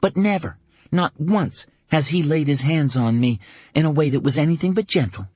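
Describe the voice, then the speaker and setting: Earnest early-thirties mother, tender then steady, read by a male narrator, dry close audiobook sound. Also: on the high side, normal speed, slightly rough, dry recording, voice pushed up. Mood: firm. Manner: gentle and earnest, turning firm. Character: woman in her early thirties, a loving but firm mother.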